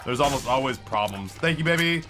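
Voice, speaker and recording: A man's voice: medium pitch, expressive, a little fast. Male streamer, loose casual chat with frequent self-corrections, over background music. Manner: rambling, self-correcting, chatty. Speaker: game streamer.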